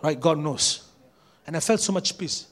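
A pastor with a fairly high voice preaches to his church. He swings from quiet storytelling to fervent, animated preaching. He often repeats and restarts his words as he goes. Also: normal speed. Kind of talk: sermon.

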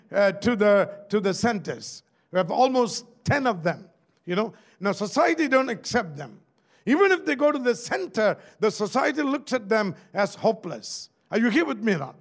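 Pastor preaching a sermon, Malaysian accent, high voice with big swings, keeps asking the crowd for amen. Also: male voice, vocal fry. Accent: Malaysian English. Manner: preachy, calls out for amen and asks the crowd questions.

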